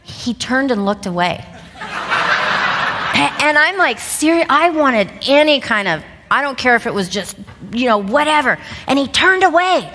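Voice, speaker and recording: A woman in her fifties giving a motivational talk on stage, an animated storyteller who laughs often. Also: sits high, a little slow, in a large hall, slight background noise. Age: 50s. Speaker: seminar speaker. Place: stage in a large event hall. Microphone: lapel mic.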